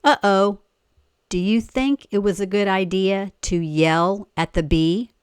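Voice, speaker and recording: A woman reading a children's story aloud in an expressive way, stopping to ask the listener questions. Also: medium pitch, slow, smooth, dry recording. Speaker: story reader.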